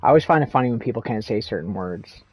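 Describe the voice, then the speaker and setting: A man's voice: medium pitch, expressive, quick pace, darkish tone, slightly rough, dry recording, low-quality recording. A man with a Canadian accent, chatting in a rambling, casual way while streaming a game and laughing often. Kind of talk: casual chat while gaming.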